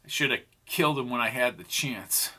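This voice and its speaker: A man's voice: medium pitch, expressive, normal speed, sharp tone. A man playing a ruthless cold outlaw. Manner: curt, menacing.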